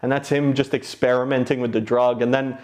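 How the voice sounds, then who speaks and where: A man co-hosting a podcast, discussing a film in casual chat, speaking in a measured way with frequent restarts. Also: mid-range voice, little pitch movement, a little mellow. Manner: measured, hesitant, many restarts and fillers. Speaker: podcast co-host.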